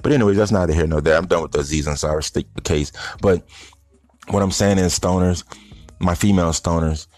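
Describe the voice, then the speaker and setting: A man's voice: sits low, a little fast, darkish tone, soft background music. A man giving a blunt, rambling, casual opinion monologue to his audience of stoners. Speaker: vlogger addressing stoner audience.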